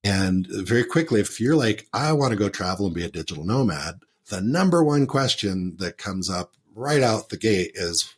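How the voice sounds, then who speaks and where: A man hosting a travel podcast, asking questions in an animated, laughing way and acting out what listeners might say. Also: fairly low pitch, normal speed, hardly any pauses, slightly rough. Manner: animated, laughs, acts out quotes. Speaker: podcast host. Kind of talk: casual interview conversation.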